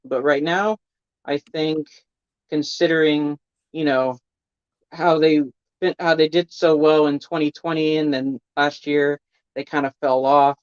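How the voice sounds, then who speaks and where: A podcast panelist giving careful, hedging analysis in a measured, methodical way. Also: medium pitch, smooth, no echo, dull audio. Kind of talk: casual sports analysis.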